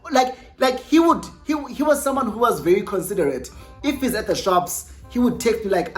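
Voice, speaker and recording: A woman's voice: medium pitch, lively intonation, normal speed, faint music behind. A young South African woman telling a casual storytime vlog, chatty and self-correcting, slipping in Xhosa words. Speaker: YouTuber.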